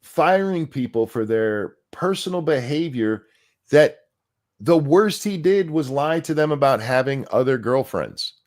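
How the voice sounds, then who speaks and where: A man's voice: medium pitch, animated, a little slow, darkish tone. A middle-aged man co-hosting a casual podcast chat, ranting with strong opinions. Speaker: co-host.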